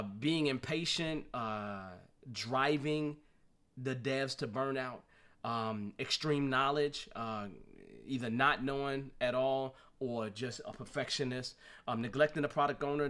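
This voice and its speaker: A man who is a show host and Scrum trainer runs a live streamed talk show, speaking animatedly about his work. His medium-pitched voice is sharp in tone, and he uses rhetorical questions and laughs often.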